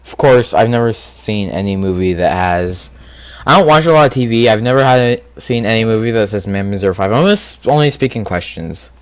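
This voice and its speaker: A man's voice: fairly low pitch, brisk, clear, resonant tone, no room sound. Man rambling through a quiz game. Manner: rambling, thinking aloud with fillers. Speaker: gaming video host. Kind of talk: casual commentary on a quiz game.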